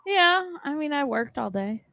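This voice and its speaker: A woman in the studio answering questions casually, relaxed and brief. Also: sits high, a little slow, gravelly, dry recording.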